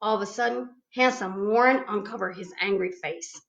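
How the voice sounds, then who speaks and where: A woman reading a children's storybook aloud in a gentle, expressive way, on a slightly dull recording. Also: medium pitch, normal speed, creaky.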